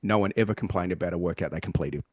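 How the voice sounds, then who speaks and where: A man's voice: sits low, racing, slightly rough, no echo, clean studio sound. A man co-hosting a podcast and talking as a gym trainer in casual motivational chat, blunt, emphatic and full of swearing. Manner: blunt, heavily profane, emphatic.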